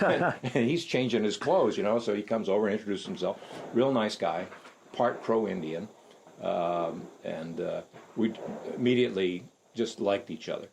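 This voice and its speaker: A man's voice: on the low side, normal speed, vocal fry, darkish tone, slight background noise. An older man telling a long folksy story in an interview, rambling and repeating words as he goes. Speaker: interviewee, archer. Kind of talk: casual storytelling. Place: barn.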